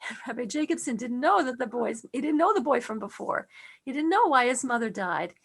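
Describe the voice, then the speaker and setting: A middle-aged woman giving a talk on faith. She tells stories earnestly and softens to a hush on tender lines. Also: on the high side, expressive, brisk, gravelly, breathy edge. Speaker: speaker on faith.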